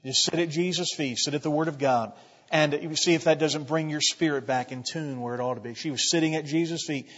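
A male pastor delivers a sermon in a fairly high voice, driving home his points with repeated, building phrases. His words trail into a long church reverb, and the recording sounds muffled and lo-fi. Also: fairly quick, a bit bright. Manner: emphatic preaching with repeated phrases, building in intensity.

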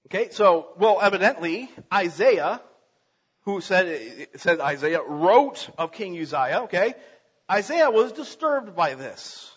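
A man's voice: high voice, lively intonation, measured pace, slightly rough, big-room sound. A man preaching a sermon, earnestly reading scripture aloud and then explaining it. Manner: earnest, reading aloud with small slips and restarts. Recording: dull lo-fi recording.

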